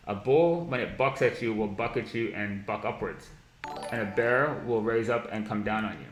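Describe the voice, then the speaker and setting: A man with a lowish voice gives a live-stream trading lesson, blunt and heavy on profanity. He mocks ideas he thinks are silly and often laughs at them. The sound bounces around an echoey room. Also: a bit bright. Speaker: market analysis streamer.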